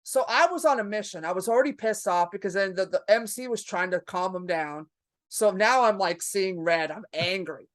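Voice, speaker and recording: A woman's voice: medium pitch, normal speed. A woman in her fifties, a comedian guest on a podcast, telling stories in a brash, profane, casual way.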